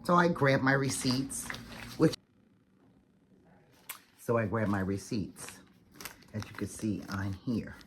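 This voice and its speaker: A woman vlogger telling a story to the camera in a chatty, fast, animated way, full of "like"s and acted-out quotes. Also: extremely low pitch, a little hiss or hum. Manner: chatty, fast-talking, animated retelling with many "like"s.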